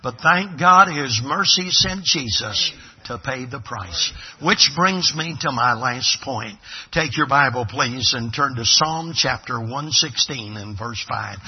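A man's voice: on the high side, animated, a little slow, breathy edge, muffled recording. A man from Brooklyn preaching a sermon, dramatic and emphatic, acting out little scenes. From Brooklyn, New York. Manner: emphatic, dramatic pulpit delivery with acted-out dialogue.

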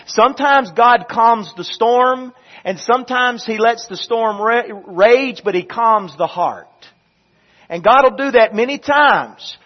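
A male pastor preaching with a fairly high, husky voice that swells loudly and then falls to a hush. He leads the room in call-and-response scripture reading. The recording is dull and lo-fi. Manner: swells loud then drops to quiet. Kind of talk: sermon.

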